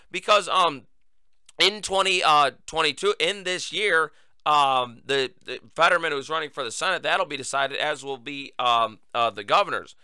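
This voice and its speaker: Guy ranting on his talk show, kinda high voice, sarcastic, stumbles over words. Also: smooth, no echo, clean studio sound. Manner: sarcastic, animated, repeats words when riled. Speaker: political talk show host. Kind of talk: solo political commentary.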